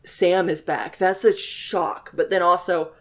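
A woman's voice: fairly low pitch, fairly even intonation, a little slow. Woman thinking aloud, full of fillers. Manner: emotional, thinks aloud with many fillers, swears casually. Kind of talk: casual chat recapping a TV episode.

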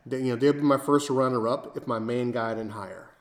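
A man's voice: mid-range voice, fairly even intonation, fairly quick. Playful man setting up jokes. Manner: playful storyteller, sets up jokes. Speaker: podcast host. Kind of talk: casual chat.

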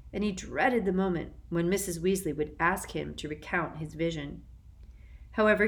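A woman narrating an audiobook in a measured, even storytelling voice. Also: on the low side.

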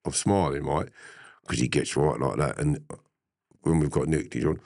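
With a very low voice, a middle-aged man tells an animated story at a moderate pace in a casual interview, laughing and cursing along the way. The recording is dry and close, with no sense of the room.

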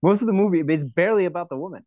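A man's voice: high voice, rapid-fire, darkish tone, no echo. A man co-hosting a casual movie-review chat, joking and swearing often. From United States. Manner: profane, jokey, sarcastic. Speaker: podcast co-host.

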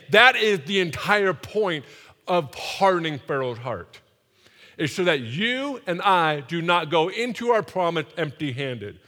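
Energetic pastor mid-sermon, bright forceful delivery, big hall echo. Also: male voice, high voice. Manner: energetic and joking, has the congregation repeat phrases. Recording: long reverb of a large hall.

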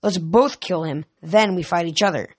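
A snarling, short-tempered male river god with a wolfish face and a mean streak, as an audiobook reader puts him on. He growls threats and bickers at his rival. The voice stays close to the reader's own, just pushed higher and harder. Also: normal speed, close to an everyday voice. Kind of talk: audiobook reading.

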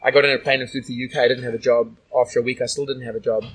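A man's voice: mid-range voice, flat delivery, racing, slightly rough, rough recording. A man from Australia telling stories as a guest in a casual interview, rambling with lots of "like" and "you know".

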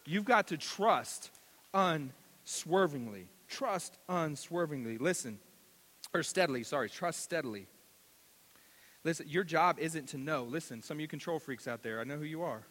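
A man preaching a sermon, animated and repetitive, acting out stories in voices. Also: a little high, moderate pace. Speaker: pastor. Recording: long reverb of a large hall.

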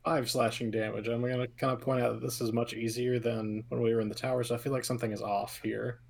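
A man's voice: mid-range voice, little pitch movement, fast, gravelly, darkish tone. A man playing a tabletop game, talking in a dry, matter-of-fact way. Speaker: player. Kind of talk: casual tabletop game play.

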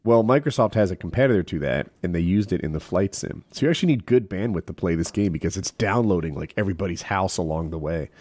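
A man's voice: low voice, animated, fast, few pauses, a little mellow, husky, dry recording. A young man streamer chatting casually with friends, rambling and laughing often. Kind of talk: casual chat.

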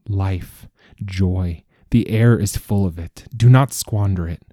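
A man's voice: sits low, slow, warm tone, dry recording, studio quality. Man voicing an ancient restrained desert king. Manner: formal, stately speech.

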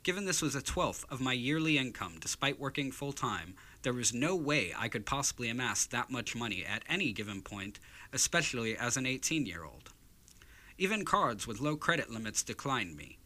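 A man's voice: mid-range voice, big pitch swings, normal speed, pushed and bright. A man putting on the voice of an old-time union organizer giving a soapbox speech. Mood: rousing. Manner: rousing, oratorical.

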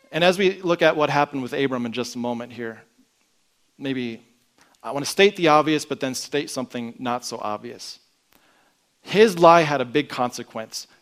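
A man preaching a sermon in an earnest way, often dropping to a quiet emphasis at the ends of phrases. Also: medium pitch. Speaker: pastor.

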